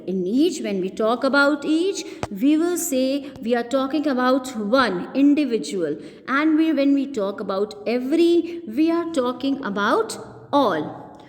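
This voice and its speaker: A woman teaching an English grammar lesson, explaining slowly and repeating her example sentences. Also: high-pitched, lively intonation, a little mellow, in a large hall.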